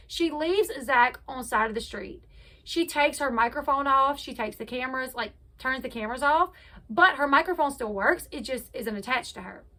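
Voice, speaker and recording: A bright, high-voiced woman hosts reality TV commentary, casually recapping gossip. She's chatty and opinionated, acting out quotes as she retells scenes.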